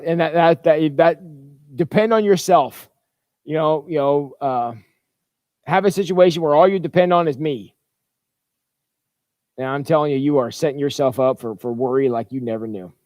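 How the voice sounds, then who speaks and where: A man's voice: on the high side, darkish tone, no room sound, clean studio sound. A man pastor giving an informal livestreamed church talk in a chatty, rambling way, stumbling and restarting often.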